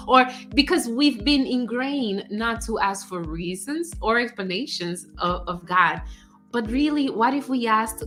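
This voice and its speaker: A woman career coach giving casual advice, animated, acting out example phrases and laughing often. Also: medium pitch, normal speed, faint music behind. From United States.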